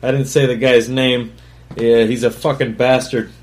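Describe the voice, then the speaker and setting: Man, chef-host, mid-pitched, swears freely, brags, rambles with restarts. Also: flat delivery, normal speed. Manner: profane, blunt and boastful; rambling with many fillers and restarts. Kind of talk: casual solo storytelling.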